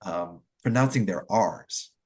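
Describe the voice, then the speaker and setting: A man's voice: deep voice, slow, darkish tone, husky. A man, explaining at length in a casual online group chat, using lots of "like" and "um" between thoughts. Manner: rambling, explanatory, heavy use of "like" and "um". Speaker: discussion participant.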